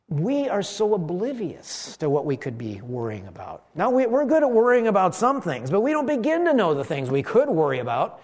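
A middle-aged pastor with a fairly high voice preaches in an easy, conversational way. He drifts into side stories, then slows right down to stress key lines. He leads his listeners in repeating them back to him. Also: huge pitch swings, darkish tone. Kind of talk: sermon.

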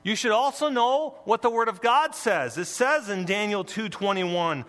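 Male pastor, sermon, emphatic, playful asides, bright voice, long church reverb. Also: sits high, expressive, moderate pace, hardly any pauses. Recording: long reverb in a large hall.

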